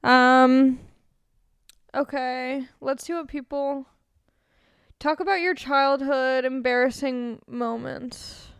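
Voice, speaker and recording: In clean, dry audio, a young Californian podcast host speaks slowly with long pauses in a high, steady, clear, resonant voice. She answers questions casually and crudely, rambling and using plenty of fillers.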